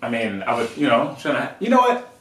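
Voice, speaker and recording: A man's voice: medium pitch, huge pitch swings, normal speed, fairly bright tone, reverberant, distant mic. A man co-hosting a podcast, explaining his points earnestly in casual banter. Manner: earnest, explains at length, laughs easily. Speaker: podcast co-host.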